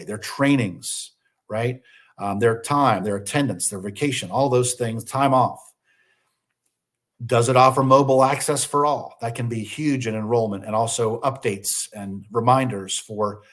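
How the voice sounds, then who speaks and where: A man giving a business webinar presentation, posing questions and then answering them himself, with frequent "uh" fillers. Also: mid-range voice. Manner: slows down deliberately for listing items.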